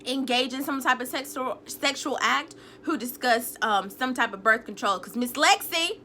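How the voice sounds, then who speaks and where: A woman's voice: sits high, moderate pace, few pauses, bright, forceful tone, slight background noise. A young woman, casually recapping a TV episode in a sassy, chatty way. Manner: chatty, sassy, retells scenes acting out quotes. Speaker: TV recap vlogger.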